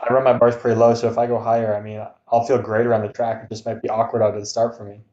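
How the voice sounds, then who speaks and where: A man co-hosts a podcast in a relaxed chat and laughs easily. His voice is mellow and dark at a middle pitch. The sound is dull and a bit lo-fi, with a roomy echo behind it. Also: very fast. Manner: easygoing, laughs often. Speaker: podcast co-host. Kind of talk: casual chat.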